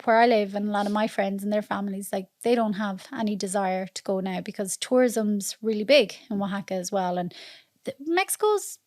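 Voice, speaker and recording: An Irish woman from Mayo, a podcast guest telling travel stories in a lively, chatty way, often laughing. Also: mid-range voice, a little fast, dry recording, clean studio sound. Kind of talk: casual storytelling chat.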